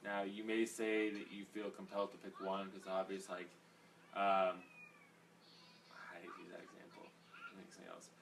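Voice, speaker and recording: A man's voice: low voice, completely flat delivery, moderate pace, vocal fry, long pauses, a bit bright. A man teaching a casual Bible study in a rambling, conversational way, full of fillers. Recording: distant mic, faint background noise.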